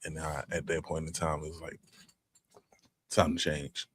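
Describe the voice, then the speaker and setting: Low-voiced laid-back man chatting. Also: flat delivery, moderate pace, a bit bright, slightly rough. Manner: laid-back, rambling with restarts. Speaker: podcast co-host. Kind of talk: casual chat.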